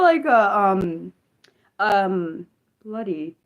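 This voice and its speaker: A young woman hosting an unscripted livestream, chatting excitedly with viewers and answering chat, with lots of fillers and restarts. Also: medium pitch, moderate pace. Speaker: livestream host.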